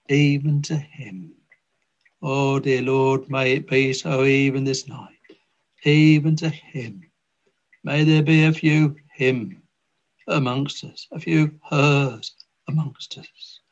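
A man leads a congregation in prayer in a mid-pitched voice, pleading in old-fashioned scriptural language. His delivery is very slow and fervent. The recording is dull and lo-fi, like an old tape. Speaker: minister leading prayer.

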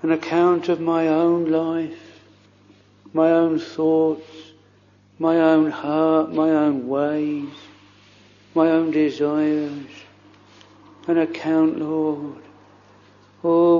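A man prays aloud from the pulpit in old-fashioned formal phrasing, earnest and pleading, his words slow and held to a flat, even line. His tone is mellow and a little higher than most men's. The lo-fi recording carries the long reverb of a church hall. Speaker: minister leading prayer.

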